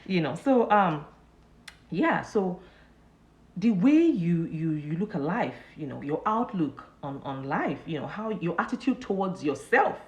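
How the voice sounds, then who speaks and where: A woman's voice: on the low side, a little mellow, echoey room. A woman hosting a casual live motivational talk, chatty and loose, full of fillers, often laughing at her own stories. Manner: chatty, loose and repetitive, heavy "you know" fillers; breaks into laughter while telling stories.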